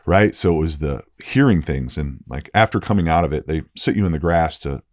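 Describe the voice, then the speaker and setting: A man's voice: extremely low pitch, animated, brisk, no echo, studio quality. A former football player in his forties, a guest telling a candid story in an earnest, emphatic way, often adding "right?".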